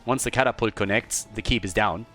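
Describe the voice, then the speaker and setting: A man casting a live video game match, talking casually, swearing freely and breaking into animated stories. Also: lowish voice, a little fast, soft background music. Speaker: esports caster.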